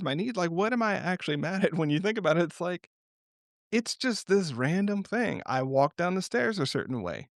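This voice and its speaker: A man of ordinary pitch talks as a podcast guest, drifting between reflective thoughts and lively little stories. He laughs often as he explains things. The recording is close and dry, with no room sound. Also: no echo. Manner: reflective, animated storytelling with frequent laughs. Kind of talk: unscripted podcast conversation.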